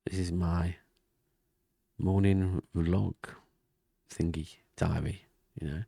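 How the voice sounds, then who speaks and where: Quiet low-voiced man, gravelly diary talk. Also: little pitch movement, slow pace, dry recording. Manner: quiet, rambling, often half-whispered talk. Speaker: vlogger. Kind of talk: casual diary vlog. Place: home room with thin walls. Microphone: desk mic and webcam.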